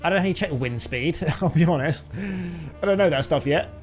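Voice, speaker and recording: A man's voice: fairly high pitch, lively intonation, brisk, darkish tone, soft background music. A young British man chatting casually with his live chat while flying a simulator, rambling and laughing often. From Britain. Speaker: flight sim streamer.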